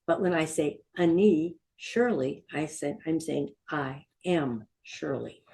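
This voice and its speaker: A woman's voice: sits low, unhurried, creaky, mellow. A woman teaching a beginner Hebrew lesson, patiently repeating each word for learners to say back. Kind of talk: language lesson.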